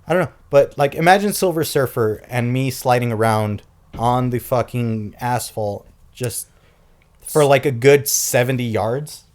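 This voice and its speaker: Man, casual podcast chat, swears a lot, mid pitch. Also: unhurried, darkish tone. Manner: profane, storytelling with quoted voices. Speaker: podcast co-host.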